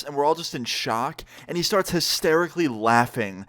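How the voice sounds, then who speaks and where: A man's voice: a little high, a little fast, few pauses. A young man casually telling a story to camera, with lots of "like" and swearing. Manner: animated, profane, heavy use of "like". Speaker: vlogger.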